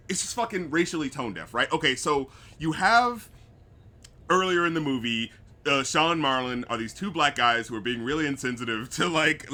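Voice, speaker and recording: A man's voice: fairly high pitch, sharp tone. A man hosting a casual film review podcast, talking loosely with many fillers and profanity, acting out lines from the movie. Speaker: podcast host.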